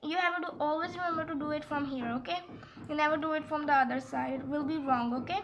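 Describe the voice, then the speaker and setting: A woman's voice: high-pitched, fairly even intonation, fast, lo-fi sound, noisy background. A woman explaining a geometry exercise step by step in a casual, rambling way, often stopping to correct herself and apologize. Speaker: math tutorial maker.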